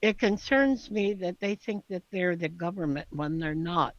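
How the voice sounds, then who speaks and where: A man's voice: sits high, moderate pace, no echo. A man playing a tabletop game, who speaks in a hesitant, careful way. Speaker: player. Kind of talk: tabletop game role-play. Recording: dull lo-fi mic.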